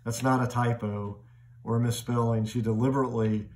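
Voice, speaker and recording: A middle-aged man lecturing on poetry in a relaxed, conversational voice at an ordinary pitch. He often restarts with doubled words as he thinks aloud. When he reads poem lines, he slows down and sounds them out. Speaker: literature lecturer. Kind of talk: recorded lecture.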